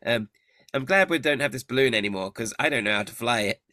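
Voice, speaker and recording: A man's voice: medium pitch, lively intonation, fast talker, pushed and bright, dry recording, clean studio sound. A man voicing a chatty, sheepish male companion who rambles and apologizes.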